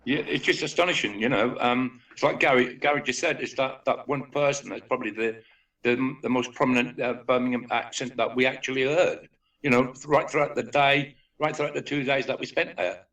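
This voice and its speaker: Man guest, measured and reflective, crisp bright tone, off-mic. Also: medium pitch, fairly even intonation. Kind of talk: casual chat. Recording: voice distant from the mic.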